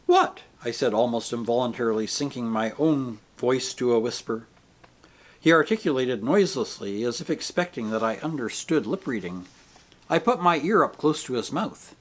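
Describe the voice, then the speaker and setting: A man narrating an audiobook in an expressive, animated way. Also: mid-range voice, normal speed.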